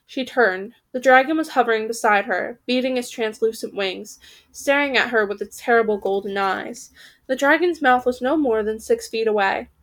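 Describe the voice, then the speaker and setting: Lively woman reading a storybook aloud. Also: a little high, moderate pace. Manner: lively, occasionally stumbling and correcting herself. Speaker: podcast reader.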